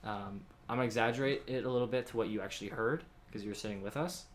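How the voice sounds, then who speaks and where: A man's voice: fairly low pitch, racing, slight background noise. A young man hosting a casual podcast at home, telling a story in a rambling way with lots of fillers. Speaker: podcast host. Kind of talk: casual chat. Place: home with dogs. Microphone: podcast mic with headphones.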